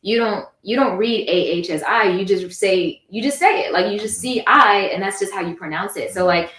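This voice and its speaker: A woman's voice: mid-range voice, normal speed, a bit bright. A woman from New York raising thoughtful, probing questions in a casual book club discussion. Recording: echoey room.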